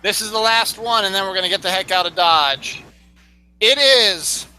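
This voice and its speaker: A man's voice: high voice, a little slow, bright, forceful tone. A man co-hosting a casual podcast, laughing often as he jokes. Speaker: co-host.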